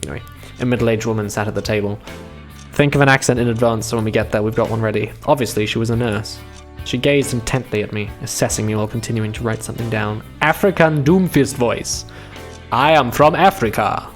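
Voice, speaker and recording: A man's voice: on the low side, quick pace, faint music behind. A man in his twenties streaming himself reading a visual novel aloud, with crude offhand asides. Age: 20s.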